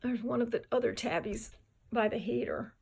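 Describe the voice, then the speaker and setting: A woman's voice: fairly high pitch, normal speed, gravelly, a little mellow, breathy edge. A tired woman, just up from a nap, rambling chattily at home in a casual vlog. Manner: rambling, chatty, drifts between topics. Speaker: vlogger. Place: home, indoors.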